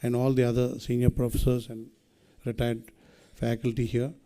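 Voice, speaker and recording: A middle-aged man with an Indian English accent addresses a student audience, exhorting and emphatic, often asking rhetorical questions. His voice is dark and mellow, at a middling pitch. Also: completely flat delivery, moderate pace. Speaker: guest speaker. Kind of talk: public speech to students.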